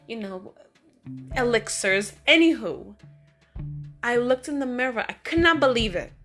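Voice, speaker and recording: A woman vlogging, telling everyday stories in an animated, chatty way full of fillers. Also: fairly high pitch. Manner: animated, chatty, many fillers like "like" and "you know". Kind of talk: casual storytelling monologue.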